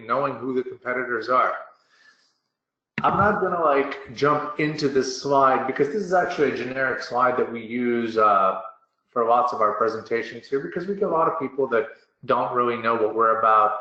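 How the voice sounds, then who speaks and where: A man's voice: medium pitch, pushed and bright, lo-fi sound. Upbeat salesy man on roomy webinar audio. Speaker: software presenter. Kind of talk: webinar product demo.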